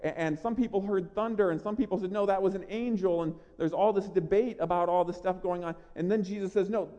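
A man preaching a sermon, earnest and emphatic, slowing on key lines and repeating words as he starts. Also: sits high, dark tone, highs cut off. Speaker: pastor. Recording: long reverb of a large hall.

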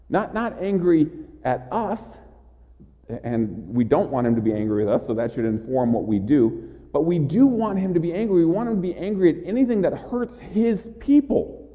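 A man preaching a sermon with passion, often stammering over his words as he builds up. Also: fairly high pitch. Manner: impassioned, with repeated stammered restarts. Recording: dull sound in a large reverberant hall.

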